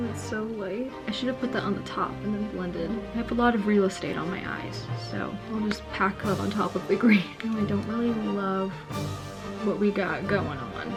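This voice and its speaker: Giggly young woman chatting over makeup. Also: medium pitch. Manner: rambling and chatty, heavy use of "like", frequent giggles. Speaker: beauty vlogger. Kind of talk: casual get-ready-with-me chat. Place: her bedroom, indoors. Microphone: camera nearby, self-filmed. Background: faint pop music playing.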